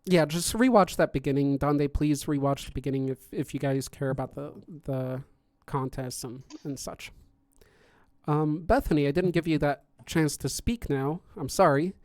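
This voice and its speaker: A man's voice: on the high side, moderate pace, darkish tone, no echo. A man hosting a podcast stream in casual chat, rambling with many fillers and restarts as he explains contest judging. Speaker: podcast host and contest judge.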